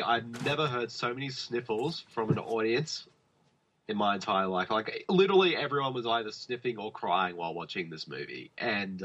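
A man's voice: mid-range voice, bright, forceful tone. A man co-hosting a podcast, rambling about films in casual chat with many fillers and restarts. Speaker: podcast co-host. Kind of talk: casual film review chat. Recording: dull lo-fi podcast audio.

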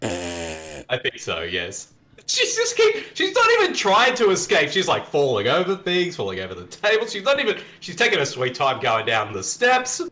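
A man gives excited, exclamatory commentary on a movie among friends. His voice is bright and sits slightly high. His pitch moves a lot as he reacts. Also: normal speed. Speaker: co-host watching a movie. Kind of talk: casual group chat over a movie.

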